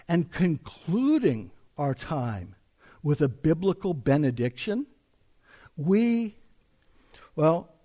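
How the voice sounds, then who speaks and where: A man's voice: on the high side, warm tone. A man preaching an expository sermon as a pastor, reading scripture aloud with emphasis and explaining it to a congregation.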